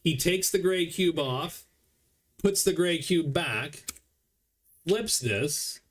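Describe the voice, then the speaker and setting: A man with a slightly high voice and slow pace streams a solo board game playthrough, casually commenting and explaining the rules as he plays.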